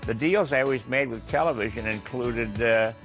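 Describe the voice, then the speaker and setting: Gravelly older man telling stories. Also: mid-range voice, moderate pace, a bit bright, soft background music. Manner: anecdotal, chuckling, hesitant with uhs. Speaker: guest. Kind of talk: storytelling interview.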